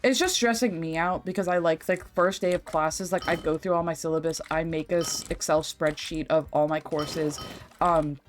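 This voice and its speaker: With faint game music behind her, a young woman streaming a game rambles casually, swearing freely and using lots of fillers. Her voice sits low with fairly even intonation at a normal speed, and there's a little hiss or hum.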